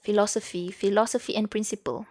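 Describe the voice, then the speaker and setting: A woman's voice: medium pitch, steady tone, fast talker, darkish tone. A young woman with a Malaysian accent, chatting casually on a study stream and switching between English and Malay as she reads chat. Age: young adult. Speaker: VTuber streamer.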